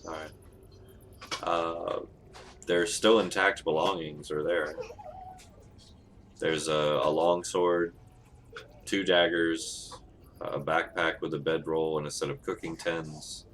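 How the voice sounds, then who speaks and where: Low slow guy running a tabletop game, relaxed, lots of ums, faint hum behind. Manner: relaxed, laughing often, with many ums. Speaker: game master.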